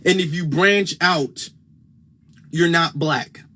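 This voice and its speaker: Midwest guy talking into his phone on a live, kinda high voice, hammers the same point over and over. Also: slow, sharp tone. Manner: emphatic, repeats points for stress. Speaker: livestream host. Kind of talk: casual livestream commentary.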